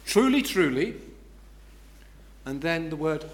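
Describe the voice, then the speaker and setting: A man's voice: fairly high pitch, lively intonation, moderate pace, a bit bright. A man preaching an expository sermon who explains step by step and repeats key words for emphasis.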